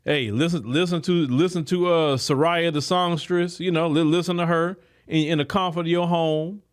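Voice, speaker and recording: A man's voice: on the high side, steady tone, moderate pace, smooth. A man hosting a podcast, giving a political commentary monologue in an emphatic, preachy way, talking straight to his listeners with loose, repetitive phrasing. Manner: colloquial, many repeated words. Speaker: podcast host.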